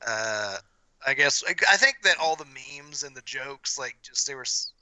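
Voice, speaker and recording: A man's voice: mid-range voice, expressive, normal speed, sharp tone, no echo, low-quality recording. A man co-hosting a casual podcast who talks thoughtfully and hedges with fillers. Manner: thoughtful, hedging, many fillers. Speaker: podcast co-host.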